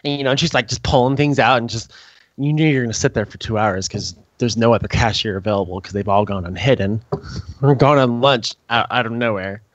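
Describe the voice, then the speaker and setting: A man co-hosting a podcast, casually telling work stories and acting out quotes in high squeaky voices. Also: a little fast, no room sound. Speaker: podcast co-host. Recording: dull lo-fi mic, dry.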